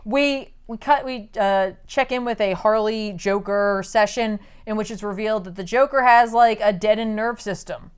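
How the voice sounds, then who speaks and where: A woman chatting through a comic book plot with friends, her voice sitting at an ordinary pitch. She tells it loosely and playfully, dropping into little character voices for the quotes. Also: moderate pace, few pauses, clean tone. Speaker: podcast host recapping a comic. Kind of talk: casual comedic chat.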